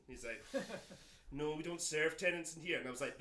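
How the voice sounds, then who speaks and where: A man's voice: medium pitch, fairly quick, background noise. A Scottish man telling a comic, exasperated story on stage at a live house concert. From Scotland. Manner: animated, exasperated storytelling with laughter. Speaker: guitarist telling a story between songs. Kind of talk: comic onstage anecdote. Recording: roomy live venue with audience.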